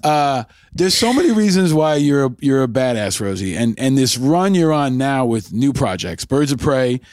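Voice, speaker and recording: A male interview host with an average-pitched voice who asks long, winding questions and gushes over his guest. He is recorded close up and dry. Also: sing-song, normal speed, darkish tone, dry recording. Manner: enthusiastic, asks long rambling questions with restarts. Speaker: podcast host.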